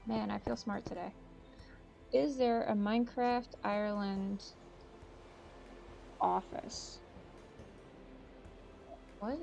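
Woman gamer host, casual self-mocking commentary, gravelly fry, game music underneath. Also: mid-range voice, fairly even intonation, takes it slowly, pauses often, darkish tone. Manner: chatty, self-mocking, thinks aloud while playing. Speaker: gaming channel host.

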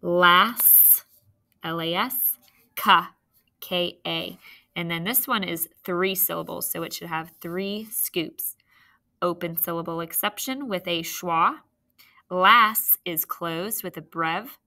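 A woman teaching a phonics spelling lesson, spelling out letters slowly and patiently and checking answers with the class. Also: fairly low pitch, pushed and bright.

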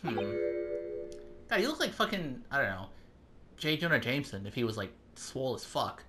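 Man, let's play commentary, rambling, swearing, animated pitch, game music behind. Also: moderate pace. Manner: rambling, profane, self-deprecating. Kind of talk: casual gameplay commentary.

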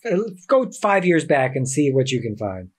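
A man hosting a podcast, chatting casually with a guest and cutting in with quick remarks. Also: medium pitch, sing-song. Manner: chatty, laughs along, quick interjections. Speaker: podcast host. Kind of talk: casual interview chat.

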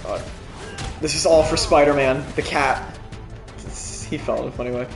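A young man streaming a video game, chatting casually, swearing often and laughing as he reacts loudly to the action. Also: mid-range voice, fairly even intonation, moderate pace. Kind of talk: casual gameplay commentary. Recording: echoey room with game music.

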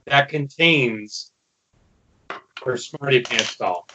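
A man's voice: medium pitch, fairly even intonation, unhurried, dull audio, background noise. A man co-hosting a podcast, casually retelling a cartoon episode and quoting the characters as he goes. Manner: casual, loose retelling with quoted lines. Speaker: podcast co-host. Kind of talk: casual episode recap chat.

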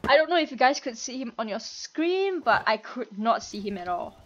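Stuffy-nosed woman gamer, excitable and high. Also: moderate pace. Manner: excitable, chatty, laughs often. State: stuffy nose and cough. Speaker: gamer and streamer. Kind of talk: casual gameplay commentary. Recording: dull lo-fi home recording, faint noise.

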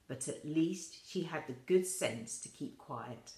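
A woman with a low voice reads a children's story aloud at an unhurried, gentle pace. Her voice rings in an echoey room. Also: animated. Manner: slow, soft reading with quoted voices lifted higher. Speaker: reader of a children's novel. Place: school room.

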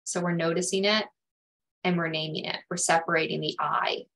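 A woman's voice: fairly low pitch, fairly even intonation, normal speed, vocal fry, a bit bright, low-quality recording. A woman career coach giving a webinar talk on self-talk, earnest, sometimes acting out anxious inner voices. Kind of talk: webinar presentation.

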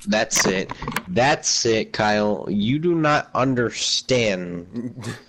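A man's voice: on the low side, lively intonation, extremely slow. Exasperated young man over background noise. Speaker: gamer in voice chat. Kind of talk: rowdy gaming chat. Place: voice chat from home.

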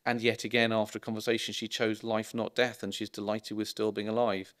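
A man's voice: lowish voice, little pitch movement, fairly quick, a bit bright. A middle-aged male doctor giving a public talk, telling anecdotes in a chatty way with ironic asides and frequent ums. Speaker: consultant geriatrician giving a public lecture. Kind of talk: informal public lecture.

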